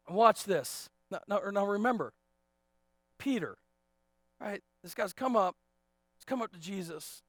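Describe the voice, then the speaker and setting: A man in his thirties preaching a sermon as pastor, animated and repetitive, joking with the congregation. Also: sits high, a little slow, pauses often, no echo, clean studio sound. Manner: animated, repeats words, jokes with congregation.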